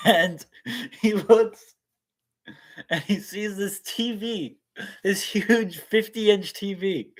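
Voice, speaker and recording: A man telling a story in a talk, animated and acting out the characters. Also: high-pitched, takes it slowly, pauses often. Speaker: speaker.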